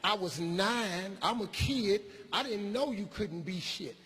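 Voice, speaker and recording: A man doing stand-up comedy, telling a childhood story in a profane, animated way and acting out the people in it. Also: sits high, takes it slowly, slightly rough, long reverb tail. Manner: profane, animated, acts out characters.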